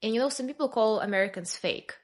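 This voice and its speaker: A woman's voice: on the high side, quick pace. Young woman from Russia, native russian speaker, casual podcast guest, chatty with lots of fillers. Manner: chatty, many fillers, laughs between answers. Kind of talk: casual interview answers.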